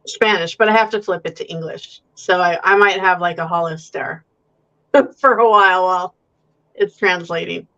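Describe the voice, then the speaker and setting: A woman's voice: lowish voice, moderate pace, sharp tone, highs cut off. A woman author talking as a guest in a casual chat, wry and joking, laughing often.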